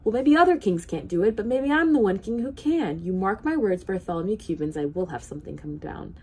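A woman's voice: fairly low pitch, brisk, gravelly, dark tone, slightly rough. A woman reading aloud, voicing an angry, demanding old king who bellows his commands. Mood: commanding.

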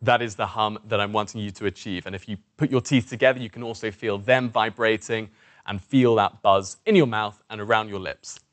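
A man coaching a voice warm-up lesson, encouraging and demonstrative as he guides participants through exercises. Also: fairly low pitch, fairly even intonation, brisk. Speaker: presentation skills coach.

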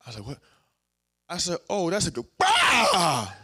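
A man's voice: on the high side, expressive, a little fast, slightly rough. A young adult man preaching a casual, conversational sermon full of everyday stories and repeated phrases.

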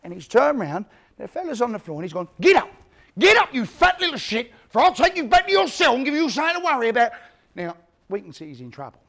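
A man's voice: high voice, sing-song, fast, vocal fry, full character voice. A man acting out an aging East London career criminal in a one-man stage monologue, telling his story bluntly and with plenty of swearing. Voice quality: blunt, profane street talk. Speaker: one-man play performer. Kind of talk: theatrical monologue.

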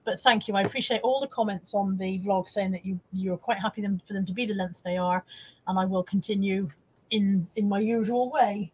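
A woman's voice: medium pitch, fairly quick, darkish tone, slight background noise, low-quality recording. A woman hosting a casual live stream, chatting and laughing as she reads out viewer comments. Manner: chatty, self-mocking, laughs often. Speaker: live-stream host reselling on eBay.

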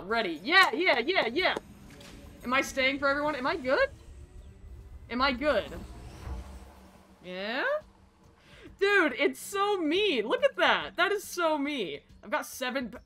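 A woman streaming a game from her basement, chatty and excitable, with game music behind her. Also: high-pitched. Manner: excitable, chatty, bursts into shrieks and laughter. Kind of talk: casual gameplay streaming. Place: home basement.

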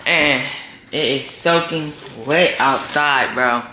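A man's voice: a little high, takes it slowly. A young man from near Houston, Texas, vlogging casually at home with playful, rambling slang. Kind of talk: casual vlog talk. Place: house indoors. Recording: echoey room with loud background noise.

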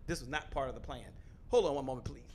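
A male host pitches his offer straight to the camera on an online show, speaking loudly, quickly and emphatically and repeating phrases to hammer them in. He's in a home studio in front of a photo wall, with slight background noise.

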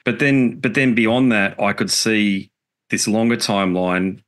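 A middle-aged man talks in a very deep, low register. He recounts things earnestly and reflectively, with casual swearing, in a relaxed interview chat. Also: measured pace. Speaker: podcast guest, musician.

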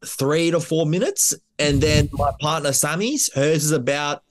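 A man, an Olympic shooter, telling a story in a relaxed interview with laughing asides. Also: a little high, measured pace. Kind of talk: casual interview.

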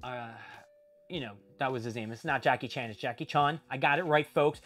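A male host talks through a collectible in a loose, casual way. He trails off, restarts and gently mocks himself when he gets details wrong. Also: medium pitch, fairly even intonation, quick pace. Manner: rambling, self-mocking, trailing off. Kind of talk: casual unboxing chat.

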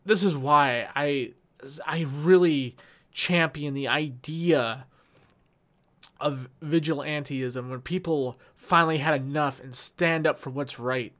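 A man's voice: fairly high pitch, slow pace, a bit bright. A man giving an impassioned, heated vlog rant, swearing often and restarting his sentences. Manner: heated, profane, with frequent restarts. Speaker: YouTuber.

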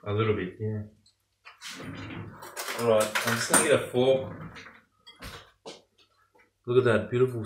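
A man's voice: mid-range voice, fairly even intonation, unhurried, pauses often, a little hiss or hum. A man chatting enthusiastically to his viewers while cooking at home in his kitchen. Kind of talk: casual cooking vlog. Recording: echoey kitchen with pots and pans.

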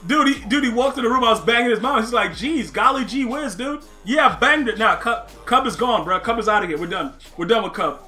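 A man streaming a football video game, laughing a lot and yelling at the plays, with slangy, excitable chatter. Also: very high voice, fast talker, few pauses, soft background music. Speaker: gaming streamer. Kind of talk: live game commentary.

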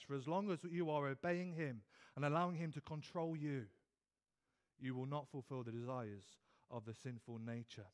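A British man delivers an earnest evening sermon in a church, his voice sitting a little higher than most men's. He often stumbles over and repeats words, then presses his points with rising emphasis. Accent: British English. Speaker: preacher.

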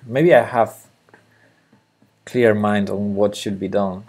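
A man's voice: on the low side, fairly even intonation, slow pace, a little mellow, husky. A man with a Spanish accent, thinking aloud and chatting with viewers during a late-night coding live stream. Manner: thinking aloud, muttering to himself, answering chat. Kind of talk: casual live-stream chat while coding.

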